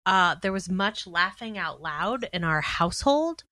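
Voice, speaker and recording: Woman, podcast judge, enthusiastic, bright forceful voice, dry recording. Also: lowish voice, animated, unhurried, no echo. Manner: effusive, enthusiastic. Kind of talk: casual podcast chat.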